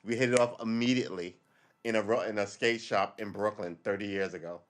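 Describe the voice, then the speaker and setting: A man's voice: on the low side, fairly even intonation, a little fast. A man in his forties telling a rambling story on his livestream, swearing and losing his train of thought. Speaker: livestream host. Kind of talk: casual storytelling monologue.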